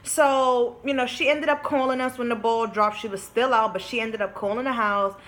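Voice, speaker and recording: Young woman vlogger, bright high voice, loose candid storytime delivery with plenty of swearing. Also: steady tone, moderate pace. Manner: chatty and candid, swears freely, peppered with "like" and "you know". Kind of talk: casual storytime chat.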